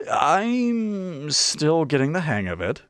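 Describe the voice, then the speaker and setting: A man's voice: fairly low pitch, expressive, moderate pace, no room sound. A man voicing a timid young male cat-folk fire mage who speaks nervously. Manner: nervous, tentative.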